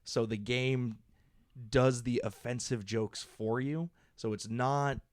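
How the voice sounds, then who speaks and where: A young man riffs his way through a loose comedy podcast, cracking himself up as he tells stories. His voice sits at an ordinary pitch. The sound is dry and close, with no room around it. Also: takes it slowly, no echo. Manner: laughs often, animated storytelling. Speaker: podcast co-host. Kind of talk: casual comedic chat.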